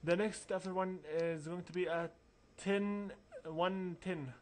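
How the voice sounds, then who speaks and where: A man's voice: sits high, fairly even intonation, slow, a little mellow, a little hiss or hum. A man giving casual, rambling commentary over a role-playing game walkthrough, mumbling through asides. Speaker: let's play narrator.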